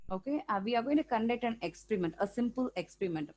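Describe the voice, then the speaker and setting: A woman's voice: a little high, expressive, fast talker, darkish tone. A woman with an Indian English accent teaching a school science lesson, explaining step by step and often checking in with "okay?". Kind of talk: classroom lecture for students.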